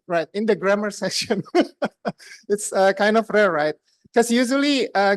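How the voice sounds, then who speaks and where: A woman's voice: mid-range voice, no echo. A woman with an Indonesian accent giving a grammarian report at a speaking club meeting, chatty and full of questions to the room. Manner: chatty, asks the room questions, many fillers. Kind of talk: interactive club speech.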